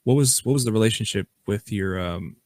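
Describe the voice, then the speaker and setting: A man hosting a podcast, asking questions in a halting, casual way. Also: lowish voice, a little mellow, no echo. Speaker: podcast host. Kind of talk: casual interview chat.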